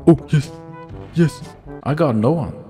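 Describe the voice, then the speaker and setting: A man doing gameplay commentary, excitable and laughing often, swearing freely. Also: on the high side, unhurried, loud music behind the voice. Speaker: gaming YouTuber.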